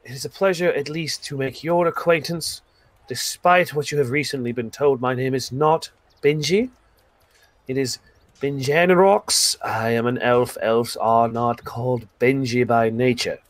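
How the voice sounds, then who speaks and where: A man voicing a proper, haughty male elf shopkeeper who speaks in a slow, formal, disdainful way. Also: medium pitch, dry recording, natural voice.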